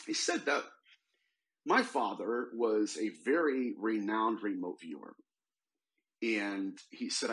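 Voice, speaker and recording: A man, a demonologist guest in a podcast interview, telling a case story in an animated way and quoting the people in it. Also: on the low side, rough recording. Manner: animated, retells a case with quoted voices.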